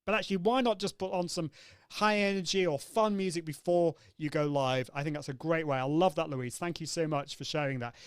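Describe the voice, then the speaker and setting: Slightly high-voiced guy hosting a live coaching stream, upbeat, chatty with comments, dry close sound. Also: brisk, clean tone, dry recording. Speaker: host of a live-video coaching show.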